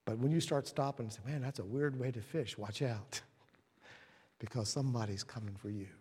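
A man preaching a sermon, telling stories and acting out the voices in them, moving from hushed whispers to loud, emphatic lines. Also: mid-range voice, fairly quick, slightly rough. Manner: storytelling, acts out quoted voices. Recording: long reverb of a large hall.

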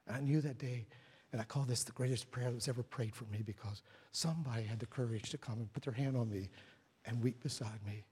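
A man preaching a sermon at a church service, telling stories and dropping to hushed tones for emphasis. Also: mid-range voice, brisk, slightly rough. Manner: storytelling, drops to hushed tones. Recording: long hall reverb.

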